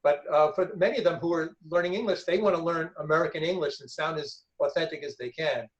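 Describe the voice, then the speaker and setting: A man's voice: on the high side, fast, highs cut off. A man who tutors volunteers, making a thoughtful comment in a workshop discussion and repeating words as he hunts for them.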